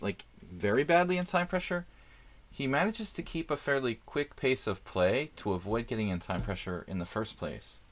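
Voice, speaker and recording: A middle-aged man streaming chess, chatting casually and thinking aloud about his moves with lots of fillers. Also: medium pitch. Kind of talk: casual live-stream chat while playing.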